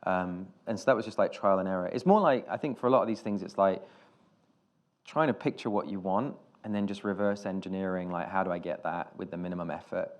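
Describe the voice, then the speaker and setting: A British film director telling stories on stage in an interview, rambling and self-deprecating, with many restarts. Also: male voice, low-pitched, fairly quick. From Britain.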